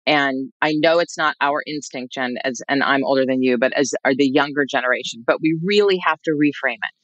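An expert guest who cares for older adults, answering interview questions in a measured, reassuring way. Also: mid-range voice, a bit bright, dry recording, muffled recording. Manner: measured, reassuring, advice-giving.

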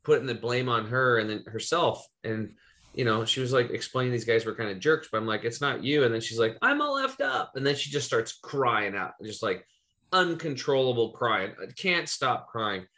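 Sharp in tone and medium in pitch, this man talks at a normal speed. He's a podcast host from Eastern Oregon sharing a personal story in a casual, meandering chat, with occasional swearing.

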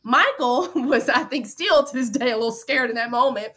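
Young woman, bright tense voice, emphatic, acts out dialogue, pitched a bit high. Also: moderate pace. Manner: emphatic and animated, slips into quoted dialogue. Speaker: former reality show contestant. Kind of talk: candid interview storytelling.

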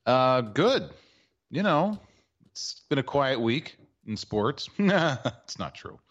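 A man's voice: mid-range voice, very animated, slow, fairly bright tone, lo-fi sound. A man from Maryland co-hosting a sports radio show in casual chat, with wry, sarcastic asides. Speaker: co-host.

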